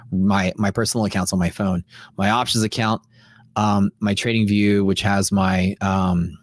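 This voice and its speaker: Low-voiced man rambling on a livestream. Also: no room sound, studio quality. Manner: rambling, emphatic repetition. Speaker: livestream host. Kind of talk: casual livestream chat. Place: sound-dampened home streaming room with fiberglass panels. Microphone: close studio dynamic mic.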